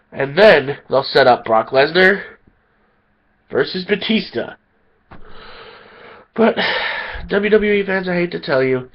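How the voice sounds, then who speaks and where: A man's voice: a little high, muffled recording. Tired, fired-up man ranting. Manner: heated, indignant ranting. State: tired and sick. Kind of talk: angry opinion rant.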